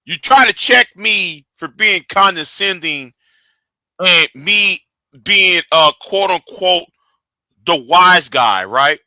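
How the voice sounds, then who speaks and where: A man's voice: high voice, expressive, slow pace, bright, forceful tone, dry recording. A man hosting a live stream, ranting and arguing, often stumbling and repeating his words as he restarts sentences.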